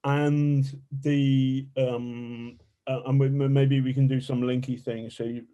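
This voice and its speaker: A man, an investigative journalist, telling stories in a colorful, animated way as a podcast guest and swearing freely. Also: medium pitch, slow pace, muffled recording. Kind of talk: casual storytelling interview.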